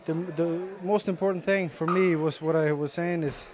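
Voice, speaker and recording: A young man with a slight Irish-tinged accent, speaking English as a second language, answering interview questions softly with many pauses and fillers in a gym. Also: a little high, fairly even intonation, crowd noise. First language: Icelandic. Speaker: interviewed fighter. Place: sports gym.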